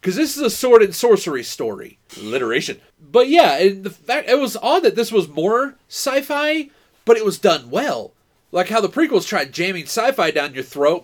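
Man, podcast co-host, high voice, lively swings in pitch, rambling, swears freely. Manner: animated, swearing, rambling with restarts. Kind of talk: casual movie discussion.

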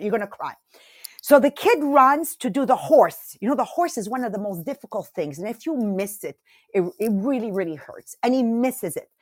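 A woman hosting a morning motivational podcast, talking straight to her listeners with lively, emotional energy. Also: fairly high pitch, no room sound, clean studio sound. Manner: animated, emotional, addresses listeners directly. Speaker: podcast host.

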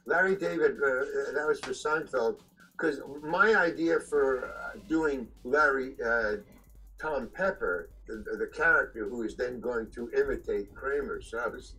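An older man, an actor being interviewed, telling stories in a halting way with restarts and chuckles. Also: mid-range voice, bright, forceful tone, breathy edge, soft background music, poor audio. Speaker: actor guest. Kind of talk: anecdotal storytelling.

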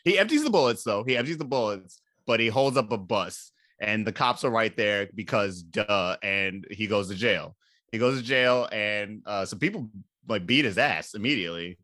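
A man casually recapping a movie for a comedy podcast, animated and laughing, with sudden high-pitched outbursts. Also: moderate pace, no room sound, studio quality.

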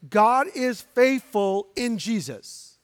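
A man's voice: extremely high pitch, big pitch swings, slow pace. A man, a pastor, preaching a sermon in an emphatic, direct way and putting questions to the congregation. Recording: long hall reverb.

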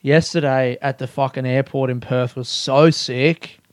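A man's voice: medium pitch, fairly even intonation, a little slow, dry recording, clean studio sound. Rambling, swearing young man. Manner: rambling, swears, laughs often, self-mocking. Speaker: podcast host. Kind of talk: casual solo podcast chat.

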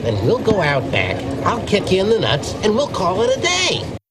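An actor playing a sleazy, scornful blackjack dealer who taunts a gambler in a mocking way. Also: male voice, high voice, wildly swooping pitch, moderate pace, noisy background. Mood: taunting.

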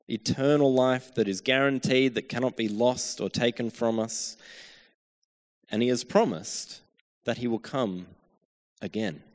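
Man, preacher, sermon, unhurried delivery, mid-range voice, reverberant hall. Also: mid-range voice. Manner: slow, earnest preaching with dramatic scripture reading.

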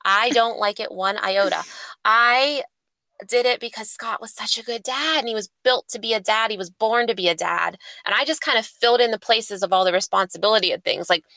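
A woman telling a personal story, candid and halting, often pausing with fillers, her voice carrying vocal fry. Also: fairly high pitch, bright, forceful tone, dry recording. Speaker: guest sharing a story.

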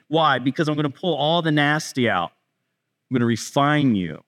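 Man, pastor, sermon, conversational, somewhat high voice, acts out quotes. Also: very animated, a bit bright. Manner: conversational, acts out dialogue in quick asides; speaks directly to kids in the congregation.

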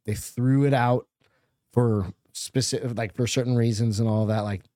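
A man's voice: mid-range voice, steady tone, moderate pace, warm tone, no room sound, studio quality. A man co-hosting a podcast, telling stories in a loose, rambling way with plenty of swearing. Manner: loose and profane, rambling storytelling. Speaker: podcast co-host. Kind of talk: casual chat.

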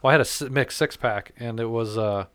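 A man's voice: medium pitch, fairly quick, a bit bright, clear, resonant tone, no room sound, clean studio sound. A man hosting a podcast in casual chat, laid-back and swearing freely. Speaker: podcast host.

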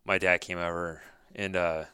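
Man, young adult, very deep voice, smooth tone, laid-back podcast co-host, dry recording. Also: little pitch movement, moderate pace, bright, forceful tone, dry recording. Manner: laid-back, short agreeing replies and blunt stories. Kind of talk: casual chat.

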